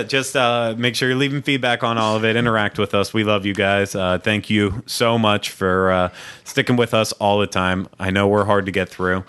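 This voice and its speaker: Jokey man hosting a podcast, bright voice. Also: fairly low pitch, clear, resonant tone. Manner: jokey, rambling, laughs often. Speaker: podcast host. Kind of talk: casual chat.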